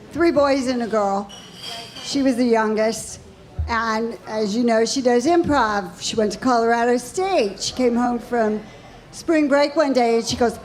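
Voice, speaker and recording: A middle-aged woman telling family stories on stage as a stand-up comic, acting out the dialogue, on a handheld mic in a comedy club. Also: on the high side. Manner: chatty, acts out family dialogue. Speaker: guest comedian, mother of a comic. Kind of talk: stand-up storytelling.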